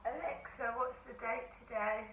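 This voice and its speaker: Woman, hoarse, middle-aged, rambling home vlog, slightly high voice, distant mic, muffled, faint hiss. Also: steady tone, normal speed. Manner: rambling, chatty storytelling. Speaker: vlogger. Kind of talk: casual diary-style chat. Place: at home in her flat. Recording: echoey room, distant mic, dull sound, faint hiss.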